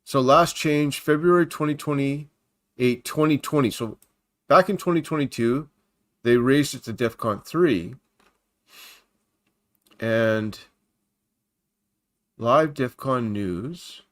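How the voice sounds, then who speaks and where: A man's voice: medium pitch, slow pace, long pauses, fairly bright tone. Chatty man hosting a livestream. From Canada. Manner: chatty and rambling, greets viewers by name. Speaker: Christian livestream host. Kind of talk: casual livestream, reading news off screen. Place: at home by his computer.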